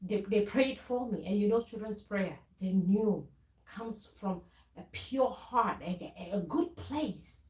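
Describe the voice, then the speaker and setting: A woman vlogger from Ghana talks earnestly to her viewers, preaching a little and often laughing, and she restarts her sentences a lot. Her voice sits at a middle pitch. The room around her is bare and echoey. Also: expressive, slow, darkish tone. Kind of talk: casual faith-based vlog talk.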